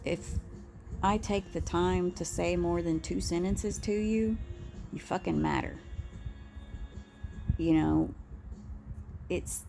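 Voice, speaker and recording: A woman delivers a blunt, unhurried personal rant, swearing freely and circling back to restart her thoughts. Her voice is low-toned and gravelly, with a dark, mellow tone. A faint hiss of noise sits under the recording. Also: fairly even intonation. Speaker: vlogger.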